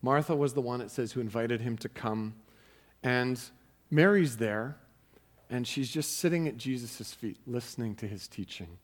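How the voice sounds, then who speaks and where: A man's voice: mid-range voice, moderate pace. A man preaching a sermon in a conversational way, often repeating words as he starts a sentence. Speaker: pastor.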